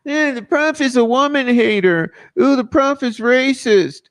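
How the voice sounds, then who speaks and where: A man putting on the voice of a whiny online critic, sneering in a high nasal tone. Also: measured pace.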